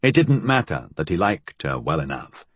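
A man reading a novel aloud as scripted audiobook narration, in a measured, even storytelling manner. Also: low-pitched, breathy edge, no room sound.

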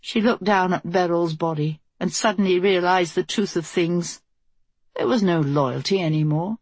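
A woman reading a fantasy novel aloud as the narrator, in a steady, measured way. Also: on the low side, no echo. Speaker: audiobook narrator.

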